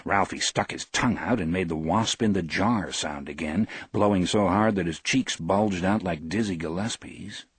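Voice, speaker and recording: A man with a husky voice narrating a novel in a measured, expressive reading, recorded on a close studio mic. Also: sits low, no echo. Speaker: audiobook narrator. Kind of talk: scripted narration.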